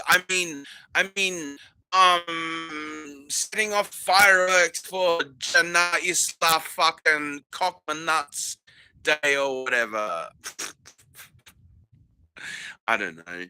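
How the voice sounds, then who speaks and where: A man's voice: on the high side, slow pace, sharp tone, smooth, no room sound, rough recording. A man hosting a rambling solo podcast monologue, profane and mocking, breaking into laughs and filling gaps with ums and restarts. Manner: profane, sarcastic, mocking, laughs mid-sentence; many fillers and restarts. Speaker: podcast host.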